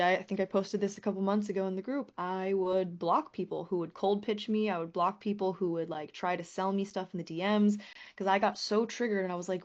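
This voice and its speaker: A woman business coach teaching a live online class, earnest and lively, often swearing and acting out quoted messages. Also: medium pitch, lo-fi sound.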